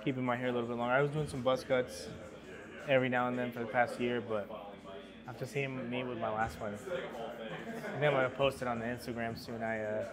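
A man's voice: mid-range voice, flat delivery, brisk, crowd noise. A male barber chatting in a laid-back, joking way while trimming hair. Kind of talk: casual chat while cutting.

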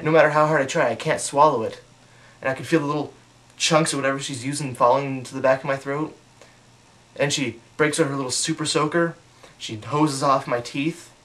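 A young man telling a comic monologue, deadpan, with mocking put-on voices when he quotes people. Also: medium pitch.

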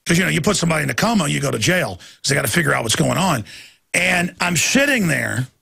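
A radio talk show host tears through a heated monologue, ranting emphatically and switching from one story to another. His voice runs on the high side, very animated and fast, gravelly and husky yet pushed and bright.

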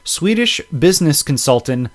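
Rozbawiony mężczyzna, współprowadzący podcast. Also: male voice, on the high side, moderate pace, slight background noise. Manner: animated, swears freely, laughs often. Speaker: podcast co-host. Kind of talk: casual comedic podcast chat.

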